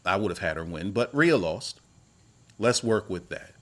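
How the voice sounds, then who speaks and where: A man, a wrestling YouTuber, giving casual opinion commentary in a rambling, animated way that repeats itself. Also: low voice, normal speed. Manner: rambling, animated, repeats himself, voice jumps up when worked up.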